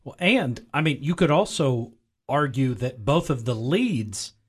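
A man's voice: medium pitch, lively intonation, measured pace, breathy edge. A man co-hosting a film review podcast, chatting in a rambling, enthusiastic way. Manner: rambling and enthusiastic, with frequent fillers. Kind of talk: casual chat.

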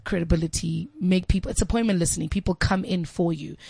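A woman's voice: on the low side, fast talker, vocal fry, dark tone, slightly rough, no echo. A woman in her twenties, a presenter chatting as a guest in a casual interview. She laughs often and repeats words as she gets going. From South Africa. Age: 20s.

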